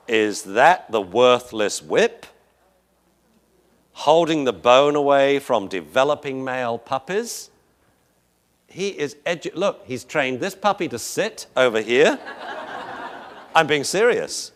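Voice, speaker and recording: A man lectures on dog behavior while narrating video footage, his pitch swinging widely as it rises and falls. He chuckles often and slips into voices for the dogs.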